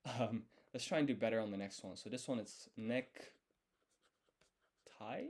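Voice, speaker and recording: A man's voice: lowish voice, a little slow, a little mellow. A man thinking aloud as he studies, explaining each step and quizzing himself under his breath. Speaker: language learner streaming his study. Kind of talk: thinking aloud while studying.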